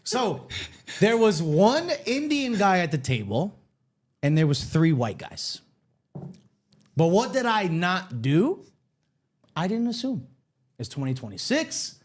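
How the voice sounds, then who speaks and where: A lively man tells a story on a casual podcast. His voice sits a little high and swings widely in pitch as he acts out the other people's lines. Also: slow pace, long pauses. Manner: animated, acts out quoted voices. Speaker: podcast co-host.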